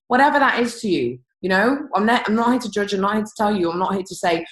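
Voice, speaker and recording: Upbeat chatty woman pitching in an echoey room. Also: animated, quick pace, hardly any pauses. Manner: chatty and upbeat, big leaps in pitch, playful asides. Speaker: business team presenter on a group call. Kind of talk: animated sales pitch to a call audience. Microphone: computer or phone on a call.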